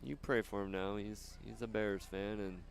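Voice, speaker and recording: A man's voice: fairly low pitch, steady tone, normal speed, creaky. A man doing casual, joking play-by-play commentary on a school soccer game. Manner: joking and teasing.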